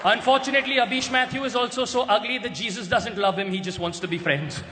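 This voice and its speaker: A young man with an Indian English accent doing a brash stand-up roast on stage, shouting his punchlines. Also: sits high, fast talker. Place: large hall with a live audience. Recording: roomy hall, crowd and noise behind.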